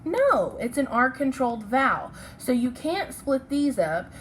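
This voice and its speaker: In a rough recording with a bit of background noise, a woman's high-pitched voice swings widely in pitch as she teaches kids phonics a little slowly. She's patient, explains each step, asks "okay?" and "right?" often, and apologizes as she fixes her mistakes.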